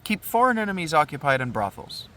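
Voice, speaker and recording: A man's voice: fairly high pitch, big pitch swings, fast talker, sharp tone. A man hosting a podcast, breaking off a reading for wry, chatty asides with fillers. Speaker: podcast host reading a play. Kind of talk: casual aside while reading.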